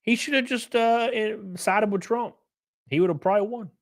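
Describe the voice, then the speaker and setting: A young man hosts a livestream and riffs on chat messages in a brash, profane, animated way. His voice sits a little higher than most men's. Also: moderate pace. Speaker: livestream host reading chat.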